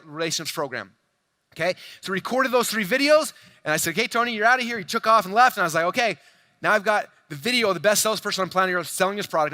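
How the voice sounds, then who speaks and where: Man, keynote speaker, fast and hyped, high bright voice, dry close sound. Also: no echo. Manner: fast, hyped, addresses crowd directly, acts out quoted dialogue. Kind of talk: energetic stage presentation. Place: large convention hall stage.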